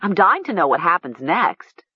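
A woman's voice: fairly low pitch, sing-song, moderate pace, husky, no echo, dull audio, exaggerated voice. A woman voicing an eager, friendly teenage girl who sounds encouraging. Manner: encouraging, pleading.

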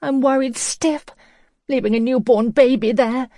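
A woman's voice: sits high, fairly even intonation, measured pace, warm tone, no echo, studio quality, pitched above the performer's own voice. A woman voicing a distraught young woman, anxious and pleading in an audiobook. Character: distraught young woman worried about a baby. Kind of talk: audiobook character voice.

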